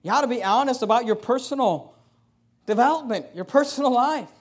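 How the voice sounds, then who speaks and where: A married man preaching a sermon as a pastor, reading scripture slowly and then talking frankly to the congregation. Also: very high-pitched, animated. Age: adult, married. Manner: preaching with rising emphasis, then dropping to a confiding tone; reads scripture slowly and deliberately.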